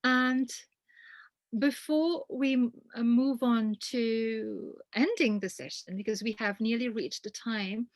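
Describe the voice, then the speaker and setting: A woman's voice: a little high, fairly even intonation, slow pace, no room sound, poor audio. A woman chairing an online club meeting, politely calling on speakers and moving the session along. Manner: polite, orderly, with filler sounds. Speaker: meeting host. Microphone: video call.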